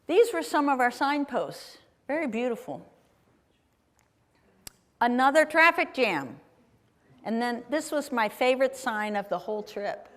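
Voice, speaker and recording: A slow, chatty guest speaker from Ohio, USA gives a live travel presentation with slides in a performing arts center auditorium. Her voice is on the high side and animated, and she enthusiastically addresses the audience with questions. A live audience and the long reverb of the large hall surround her.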